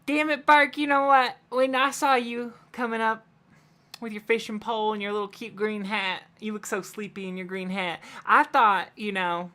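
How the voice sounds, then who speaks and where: A woman's voice: medium pitch, fairly even intonation, moderate pace, voice pushed up, lightly acted. A woman voicing a boisterous, effusive adult man in a tabletop role-playing game. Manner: loud, effusive and warm-hearted.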